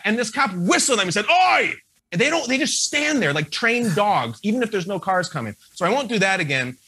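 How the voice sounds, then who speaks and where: Man co-host, bright sharp voice, animated and jokey, kinda high. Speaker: morning show co-host. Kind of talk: casual chat.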